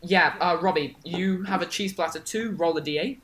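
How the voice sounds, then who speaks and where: A man's voice: high-pitched, normal speed, fairly bright tone, a little hiss or hum. A man running a tabletop game as game master, casual, laughing often and restarting lines.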